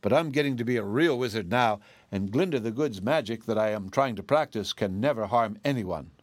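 A man's voice: fairly low pitch, brisk, dry recording, lightly acted. A man voicing a small, kindly wizard in a storybook reading, speaking earnestly with a touch of nerves. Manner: earnest, a bit nervous.

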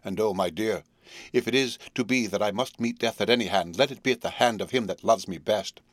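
A man reading the part of a devoted young wife, earnest and resolute, in a measured pleading tone. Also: fairly low pitch, dry recording, lightly acted. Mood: solemn. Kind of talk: audiobook character reading.

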